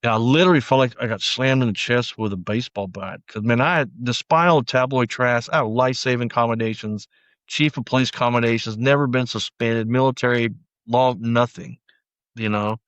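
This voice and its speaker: A middle-aged man, a former deputy, recounting his past in a casual conversational interview, often quoting others and trailing off quietly. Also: medium pitch, a little fast, clear, resonant tone, dry recording, dull audio. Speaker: podcast guest, former sheriff's deputy.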